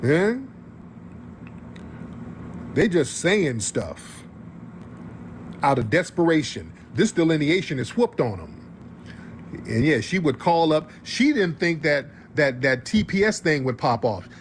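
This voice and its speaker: Guy ranting on his stream, kinda high voice, super up and down, cussing and repeating himself. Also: big pitch swings, takes it slowly, long pauses, slight background noise. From United States. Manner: ranting, profane, scolding; repeats points for emphasis. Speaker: livestream host. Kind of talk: heated reaction commentary.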